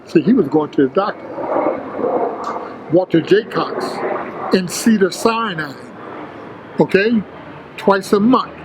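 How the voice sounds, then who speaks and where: An older man, a former bodybuilder, telling his story in a casual interview, animated and full of street slang, acting out the quotes. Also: high voice, slow, pauses often, very noisy.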